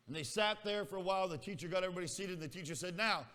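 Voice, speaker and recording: A man preaching a storytelling sermon with a bright, forceful voice pitched a little high. He speaks in a folksy way and teases his listeners. Long hall reverb trails his words. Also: very fast. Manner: folksy, teasing the congregation. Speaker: pastor.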